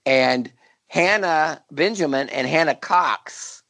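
A man hosting a podcast, telling a true crime case in a casual, jokey way with frequent laughs and halting restarts. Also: on the high side, fairly bright tone, no room sound. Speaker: podcast host.

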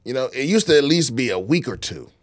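A man co-hosts a podcast in a loose, rambling, profane way. He speaks at a mid pitch. The recording is dry, with no room sound. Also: big pitch swings, fast talker, no room sound. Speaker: podcast co-host. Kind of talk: casual podcast chat.

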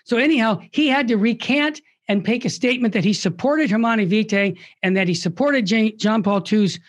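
An older man, a Catholic radio founder, telling stories with passion in an animated interview and acting out the people he quotes. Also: high voice, brisk. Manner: impassioned, acts out quoted voices.

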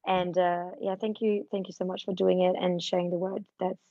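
Give me a woman guest on a podcast, animated and grateful, heard over a dull, dry remote line. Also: fairly low pitch, brisk, dry recording. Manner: warm, effusive thanks, animated. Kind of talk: casual podcast chat.

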